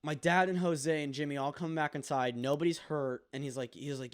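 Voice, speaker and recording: A man's voice: a little high, fairly even intonation, brisk, few pauses. A young man co-hosting a podcast, telling a long story in casual chat, full of ums and likes. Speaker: podcast co-host.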